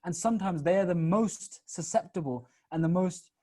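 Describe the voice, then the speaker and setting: A young man from the UK, a missionary on a Q&A panel, telling stories in a quick, animated, casual way with repeated starts. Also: high-pitched. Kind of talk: casual storytelling in a Q&A.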